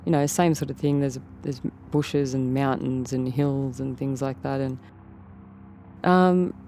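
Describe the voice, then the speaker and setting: A woman's voice: extremely low pitch, fairly even intonation, a little slow, warm tone, a little hiss or hum. A woman with an Australian accent, telling an interviewer a story in a rambling way and often repeating and rephrasing herself. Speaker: interview guest. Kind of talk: casual storytelling.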